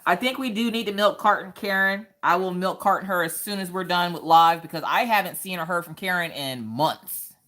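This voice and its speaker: A woman, hosting a casual craft livestream chat and telling stories in an animated way. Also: fairly low pitch, a little fast, few pauses. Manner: animated storytelling, acts out quoted voices.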